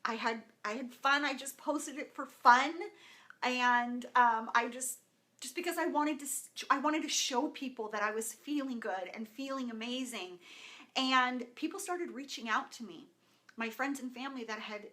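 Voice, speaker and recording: A woman in her thirties sharing a personal testimonial, emotional and animated, acting out quoted dialogue with many restarts. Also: a little high. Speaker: wellness vlogger.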